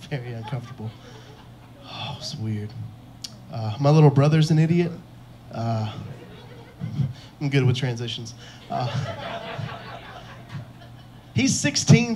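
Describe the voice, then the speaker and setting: A man's voice: fairly high pitch, animated, measured pace, long pauses, noisy background. A young man performing a stand-up comedy set on a club stage into a handheld mic, self-deprecating and chuckling at his own jokes.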